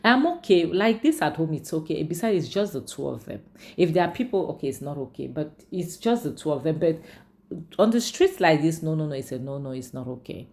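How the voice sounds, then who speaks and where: A woman's voice: low voice, very animated, a little fast, darkish tone. A woman casually retelling a film's story as a reviewer, chatty and emphatic with frequent asides. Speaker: movie reviewer. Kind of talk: casual storytelling recap with personal opinions.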